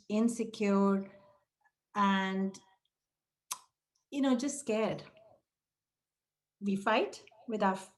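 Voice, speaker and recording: A middle-aged woman presenting a training webinar for childcare leaders, speaking directly to listeners and acting out short quoted exchanges. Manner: breaks into quoted dialogue with raised pitch. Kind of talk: webinar teaching talk.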